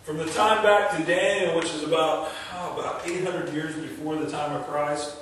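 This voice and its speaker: A man's voice: a little high, steady tone, normal speed. A male pastor delivering a sermon, preaching emphatically with repeated refrains and casual asides. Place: large church sanctuary. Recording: very echoey hall from far off, faint noise.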